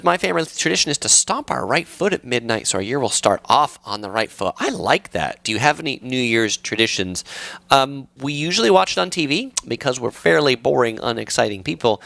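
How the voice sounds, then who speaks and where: With a medium-pitched, gravelly voice, a Southern Californian man runs a live stream for a travel channel. He picks questions out of the chat and responds in an easygoing, talkative manner with lots of ums and uhs, and there's no echo.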